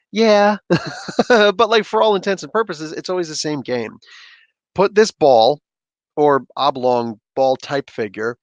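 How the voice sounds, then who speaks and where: A man hosting a casual livestream, reading chat aloud and chatting in an animated way with frequent laughter. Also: mid-range voice, normal speed, no room sound, lo-fi sound. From Canada. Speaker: livestream host.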